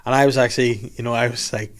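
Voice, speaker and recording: A man's voice: medium pitch, fast, smooth. Swearing young man chatting. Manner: swearing, acts out voices, bursts loud when excited. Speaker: podcast host. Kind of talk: casual chat.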